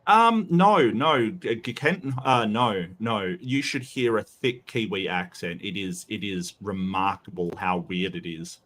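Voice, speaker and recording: A man's voice: fairly low pitch, measured pace, few pauses, a bit bright, a little hiss or hum. A man with a Western Australian accent, co-hosting a debate review in casual, rambling chat. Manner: rambling, many restarts and quoted asides.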